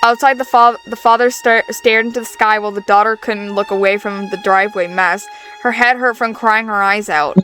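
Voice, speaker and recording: A woman's voice: mid-range voice, fairly even intonation, a little fast, pushed and bright, soft background music. A woman streamer chatting casually and reading game narration, giggly and rambling.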